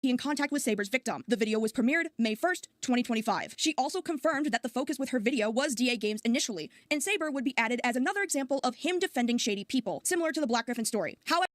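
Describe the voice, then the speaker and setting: Woman, scripted video narration, brisk and even, high voice, quick, dry close sound. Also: dry recording.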